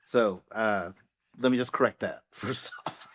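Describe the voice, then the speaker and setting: A man co-hosting a casual podcast, telling animated stories about waiting tables and laughing often. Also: fairly low pitch, measured pace, no echo, studio quality. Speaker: podcast co-host. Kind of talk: casual chat.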